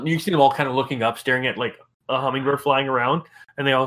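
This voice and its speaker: A man's voice: mid-range voice, fairly even intonation, quick pace, fairly bright tone. A man narrating a tabletop game as game master in a casual, loose way, adding spoken sound effects.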